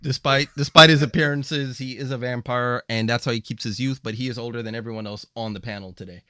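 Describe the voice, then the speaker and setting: A man's voice: medium pitch, quick pace, dry recording, studio quality. A man hosting a casual gaming podcast, joking with his guests and rattling off where to find the show. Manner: relaxed, joking, rattles off plugs. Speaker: podcast host. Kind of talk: casual chat.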